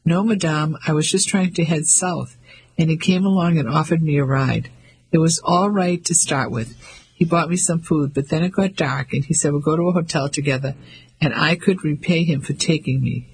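A man voicing a frightened seventeen-year-old French farm girl who speaks softly and pleads. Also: fairly high pitch, moderate pace, slight background noise, natural voice, low-quality recording. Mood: timid. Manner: soft, pleading.

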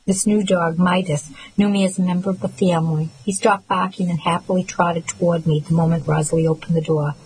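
Female narrator, low voice, soft measured emotional delivery for a first-person novel. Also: fairly even intonation, slightly rough, rough recording. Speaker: audiobook narrator.

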